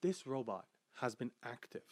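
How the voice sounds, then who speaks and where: A young adult man hosting a casual podcast about manga chapters, rambling with many fillers and growing excitable as he talks. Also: mid-range voice, normal speed, dry recording. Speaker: podcast host.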